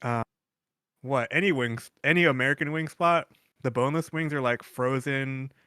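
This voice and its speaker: A man's voice: mid-range voice, normal speed, pushed and bright, clean tone, no room sound, clean studio sound. A man co-hosting a podcast, telling rambling stories in casual chat and cursing freely. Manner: rambling storyteller, curses freely. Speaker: podcast co-host.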